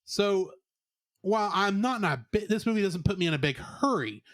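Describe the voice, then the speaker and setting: A man co-hosting a podcast, giving an animated, sarcastic movie review in casual chat. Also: high voice, normal speed, dry recording, studio quality. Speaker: podcast co-host.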